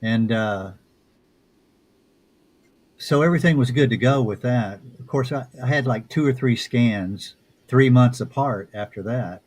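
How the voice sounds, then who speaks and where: A man with a Southern accent answers questions as a guest author. He speaks in an unhurried, reflective way, starting over mid-sentence as he searches for words. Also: mid-range voice, darkish tone. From Texas. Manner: unhurried, reflective, with frequent restarts. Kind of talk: casual interview talk.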